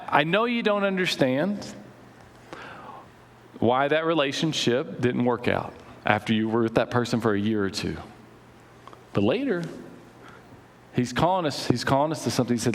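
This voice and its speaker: A man's voice: fairly high pitch, expressive, normal speed, long pauses. A man preaching a sermon as pastor, conversational, full of anecdotes and restarts. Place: church sanctuary. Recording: reverberant church hall.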